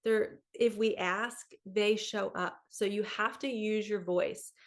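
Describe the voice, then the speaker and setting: A woman's voice: mid-range voice, steady tone, slow. A woman in her thirties, a spiritual coach, talking casually to camera in an earnest, chatty way and acting out the voices of the people she quotes. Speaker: spiritual coach and psychic medium.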